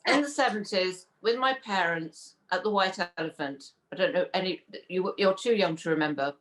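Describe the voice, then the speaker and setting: A woman's voice: on the low side, normal speed, a bit bright, poor audio. A woman co-hosting a chat show, eagerly jumping in with her own story. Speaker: co-host. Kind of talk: casual chat.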